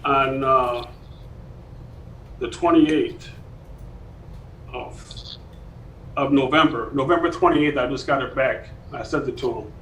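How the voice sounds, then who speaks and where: A man's voice: mid-range voice, slow pace, pauses often, fairly bright tone. A man who is a ham radio operator, chatting casually on a video call in an easygoing, joking way. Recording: echoey room with faint hiss.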